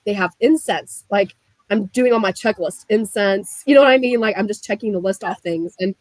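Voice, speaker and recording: A young woman from the US Midwest telling her story as a guest, animated and full of "like" fillers. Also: medium pitch, normal speed, no echo, poor audio. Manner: animated, frequent "like" fillers, laughs while telling. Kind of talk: casual storytelling.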